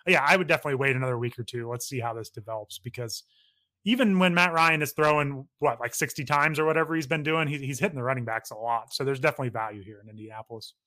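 A man co-hosting a fantasy football podcast, giving quick conversational analysis with frequent restarts. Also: mid-range voice, bright, forceful tone, no room sound. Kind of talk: casual podcast chat.

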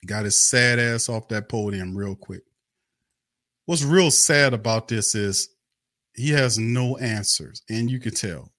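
A man's voice: on the low side, a bit bright, no echo, clean studio sound. A man hosting a fan live stream, ranting in a heated, repetitive, cursing and scornful way. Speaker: sports fan show host. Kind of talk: angry live-stream rant.

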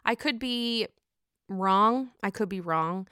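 A woman casually recapping a reality show reunion for her vlog, gossipy and profane, with animated reactions. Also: medium pitch, slow, smooth, no room sound, clean studio sound.

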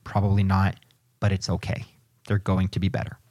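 A man's voice: low-pitched, monotone, fairly quick, darkish tone, no echo. Emphatic male sports podcast co-host. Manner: emphatic, argumentative. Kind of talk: casual sports podcast chat.

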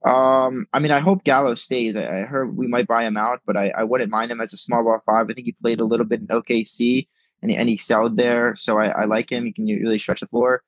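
With a steady mid-range voice that moves a little fast, a young man chats on a sports podcast via remote call, no echo present. He leans hard on his words and repeats himself mid-thought, and the sound is dull and lo-fi.

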